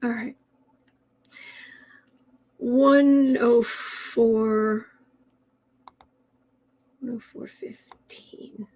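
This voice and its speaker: Hosting a tarot and astrology livestream, this woman chats casually and reads viewer comments, rambling and restarting with soft laughter. Her fairly high voice stays fairly even, and she speaks extremely slowly with frequent pauses. The recording is rough.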